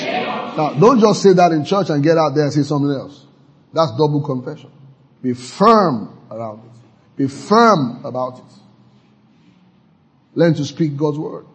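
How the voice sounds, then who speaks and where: A man preaching a sermon, acting out quotes in high voices and leading the congregation in declarations. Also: lively intonation, measured pace, long pauses, a crowd in the background. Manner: leads congregation in call-and-response declarations. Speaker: pastor.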